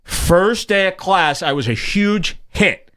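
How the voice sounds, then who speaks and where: A man hosting a podcast, talking in a bright, forceful tone that swings widely in pitch. He chats casually and comically, swears freely and keeps mimicking the clips he plays. His voice sits a little high for a man. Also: expressive, takes it slowly. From United States. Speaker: podcast host. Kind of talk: casual comedic chat.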